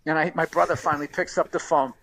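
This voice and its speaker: Podcast co-host, male, slightly high voice, energetic swearing storyteller. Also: fast. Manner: energetic, swearing anecdote teller. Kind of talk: casual storytelling. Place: podcast studio.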